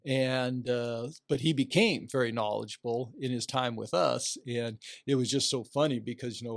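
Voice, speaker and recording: An older man swaps stories in a relaxed podcast chat, lively, breaking into quick impressions of other people. His voice sits at a middle pitch, and the sound is close and dry with no room echo. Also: vocal fry. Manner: animated anecdotes, acts out quoted voices. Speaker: guest, retiring athletic director. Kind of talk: casual storytelling interview.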